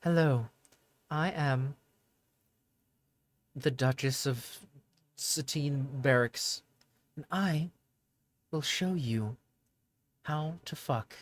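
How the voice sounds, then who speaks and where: A man voicing a hoity-toity woman, a duchess with a put-on British accent and an airy, breathy voice, speaking in a prim, haughty way. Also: a little high, drawn-out words, long pauses.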